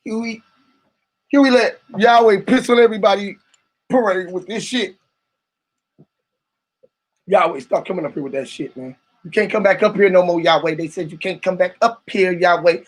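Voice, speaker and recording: A man's voice: high-pitched, moderate pace, pauses often. A young man streaming live, rambling and joking crudely, often laughing between lines. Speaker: livestreamer. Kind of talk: casual livestream banter.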